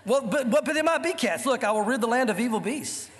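A man preaching a sermon in a church hall, animated and joking in asides. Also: very high voice, fast, noisy background. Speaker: pastor. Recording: long hall reverb.

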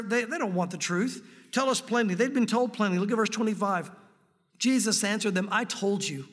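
A man preaching a sermon from a church sanctuary, earnest and emphatic, slowing down to read scripture aloud. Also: very high-pitched, a bit bright, breathy edge. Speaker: pastor. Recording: long reverb of a large hall.

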